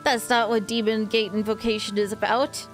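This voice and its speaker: A woman's voice: on the high side, little pitch movement, normal speed, faint music behind, lightly acted. A woman reading the part of a stern old male sage in a game, lecturing his captors. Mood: defiant.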